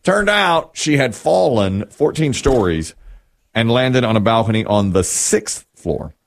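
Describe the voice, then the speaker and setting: Lively male radio host telling stories. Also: mid-range voice, measured pace, creaky. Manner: animated storytelling, joking. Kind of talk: casual radio banter.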